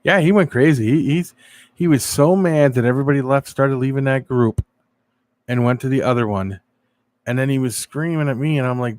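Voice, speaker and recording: A man hosting a casual live stream, telling animated stories and answering viewers' chat. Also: mid-range voice, brisk, no echo. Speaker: live-stream show host.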